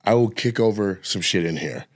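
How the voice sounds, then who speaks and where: A man's voice: lowish voice, expressive, moderate pace. A man co-hosting a podcast, telling stories in loose, profane banter and laughing along. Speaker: co-host, comedian. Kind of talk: casual podcast chat.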